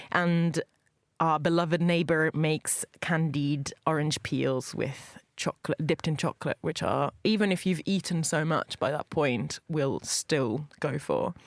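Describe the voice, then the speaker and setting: A woman from Italy who hosts a food podcast, talking in a lively, laughing way in a radio studio. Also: low-pitched, dry recording.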